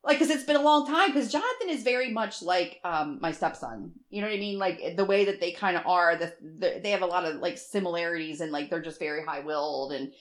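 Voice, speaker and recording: A woman in her forties chatting casually on a podcast, telling animated stories about her kids and laughing often. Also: on the low side, fairly quick, few pauses. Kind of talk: casual chat.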